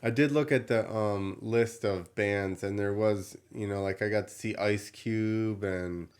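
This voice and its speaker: A man hosting a podcast, telling a story in a casual, animated way, with swearing and laughter. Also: on the low side, measured pace, smooth. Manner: animated, profane, laughs while telling stories. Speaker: podcast host.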